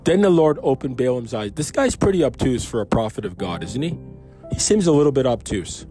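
A man's voice: mid-range voice, very animated, fairly quick, warm tone, faint music behind. A man reading a Bible passage aloud and breaking off into chatty, musing asides with restarts. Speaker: Bible reader and commentator. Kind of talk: casual Bible reading with commentary.

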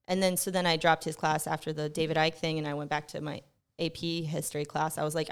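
A young woman hosts a podcast, spinning a rambling, profane story as a casual monologue, animated and alternately rushing and slowing down. Her voice is deep and smooth, and the close mic picks up her breathing.

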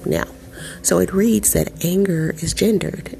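A young adult woman hosting a podcast, reading out an article and commenting on it in an animated, profane, sarcastic way. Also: fairly low pitch, a little slow, gravelly, faint music behind. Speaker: podcast host.

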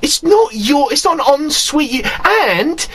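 Animated man, lively pitch. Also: a little slow. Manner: animated, swearing, laughs often, slips into impressions. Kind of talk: casual podcast chat.

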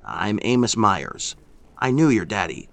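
Man reading as an old Pennsylvania Dutch groundskeeper; shy, grave, low gravelly voice. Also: very animated, a little slow, a bit bright, exaggerated voice. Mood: friendly. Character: shy older Pennsylvania Dutch workman, quiet and polite.

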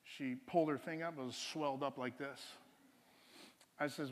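A man's voice: medium pitch, fairly even intonation, moderate pace, long pauses, in a large hall. A man preaching, telling a personal testimony story in a rambling, chuckling way with many restarts.

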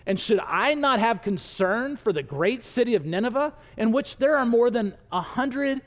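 A male pastor preaching a sermon with animated storytelling. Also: very high-pitched, normal speed, long reverb tail. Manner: animated storytelling, acts out voices.

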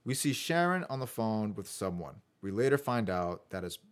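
A man's voice: fairly low pitch, sing-song, moderate pace, clear, resonant tone. A man hosting a casual podcast, running through his notes in a chatty way with fillers. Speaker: podcast host.

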